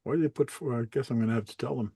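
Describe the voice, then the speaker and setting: A man hosting a casual livestream chat, relaxed and rambling, often correcting himself as he goes. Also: mid-range voice, racing, creaky, slightly rough, no room sound. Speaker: host.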